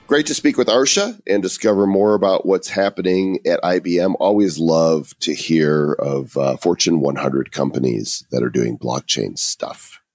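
A man co-hosting a podcast in casual chat, telling stories in a wry, lively way. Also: low-pitched, moderate pace, few pauses, faint music behind. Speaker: podcast co-host.

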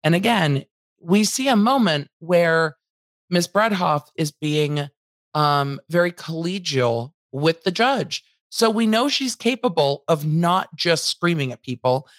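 A woman's voice: on the low side, expressive, slow pace, dry recording, studio quality. A woman hosting casual legal commentary, chatting through testimony and paraphrasing witnesses with asides.

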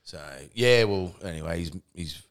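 A man's voice: deep voice, normal speed, gravelly, smooth. A young Australian man telling a rambling, sweary story on a casual podcast, laughing as he goes. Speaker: podcast co-host.

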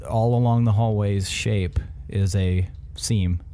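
A relaxed man running a tabletop game as game master. His voice sits low with a mellow, dark tone. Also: slow pace.

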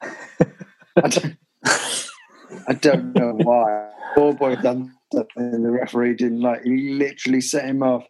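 Podcast host, male, animated anecdotes, mid-pitched. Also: unhurried, pauses often. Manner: animated storyteller, shouts quoted fans. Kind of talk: casual podcast chat.

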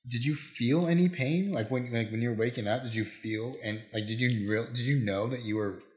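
A man's voice: medium pitch, brisk, darkish tone, roomy sound. A man hosting a podcast, asking his guest short, curious questions. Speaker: podcast host. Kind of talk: interviewing.

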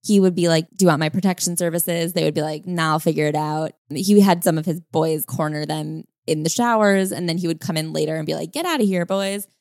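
A woman's voice: sits low, steady tone, brisk, few pauses, a little mellow, dry recording, studio quality. A woman co-hosting a casual podcast chat about a book, talking chattily with lots of fillers and acting out quoted voices. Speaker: podcast co-host.

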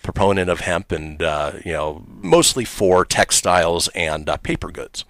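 A deep-voiced young man co-hosting a radio show, chatting casually and often stopping to restart his thoughts. He fills gaps with ums and uhs. His voice sounds close and dry, with no room around it. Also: animated, fairly bright tone, no room sound. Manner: hesitant, halting, filler-heavy.

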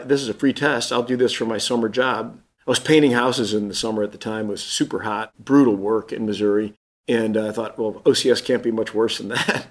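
A man in his fifties recounts his past as a guest in an interview. He talks casually and animatedly, and he slips into the voices of the people he quotes. His voice sits at an ordinary male pitch. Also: creaky. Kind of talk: casual storytelling.

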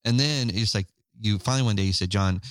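A man's voice: lowish voice, quick pace, no room sound, clean studio sound. A man co-hosting a parenting podcast with his wife, chatting casually, acting out the dialogue in his anecdotes and chuckling between points. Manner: animated storyteller who acts out quoted dialogue. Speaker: co-host of a Christian parenting podcast.

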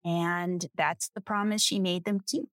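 A woman's voice: lowish voice, fairly even intonation, measured pace, fairly bright tone, no echo. A woman around sixty, a guest author, telling a personal story in an interview and acting out the voices she quotes.

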